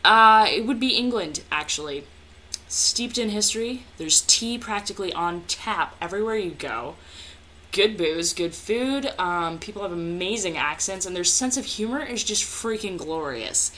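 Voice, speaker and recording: A woman's voice: mid-range voice, lively intonation, moderate pace, sharp tone, a little hiss or hum. A young woman chatting casually as a vlogger, answering viewer questions in a hyper, jokey way with plenty of swearing. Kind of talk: casual chat.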